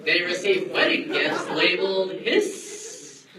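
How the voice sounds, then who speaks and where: Slow, lively-toned emcee in a big hall. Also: mid-range voice, heavy background noise. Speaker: master of ceremonies. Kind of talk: announcement and jokes. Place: large banquet hall. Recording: distant voice in echoey crowded hall.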